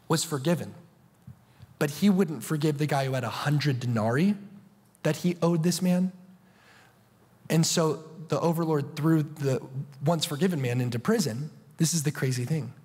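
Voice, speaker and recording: A man preaching a sermon as a TV show host, telling the story in an animated, playful way with asides. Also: on the high side, measured pace, pauses often, long reverb tail.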